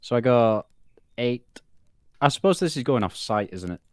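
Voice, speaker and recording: A man's voice: medium pitch, animated, moderate pace, a little mellow, no room sound. A man playing a tabletop game, chatting casually with dry, understated quips.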